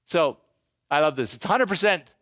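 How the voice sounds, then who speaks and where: A man giving a live presentation on real estate investing to an audience, animated and joking, sometimes slipping into voices for the people he quotes. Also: a little high, moderate pace, no echo, clean studio sound.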